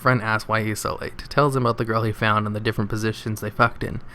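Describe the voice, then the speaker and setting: A man's voice: fairly low pitch, fast. A man reading jokes from online posts aloud, adding laughing asides and comments between them. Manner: reads flatly, then laughs and comments on the jokes.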